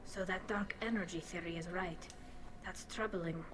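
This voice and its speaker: A woman's voice: fairly low pitch, steady tone, moderate pace, noisy background, natural voice. An actress voicing an earnest young alien woman engineer in a video game. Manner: earnest, thoughtful.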